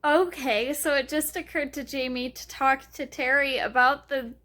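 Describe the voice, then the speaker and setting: A woman talking casually in a reading vlog, gushing and excitable, often squealing and laughing as she reacts to a book. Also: high voice, normal speed. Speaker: book vlogger.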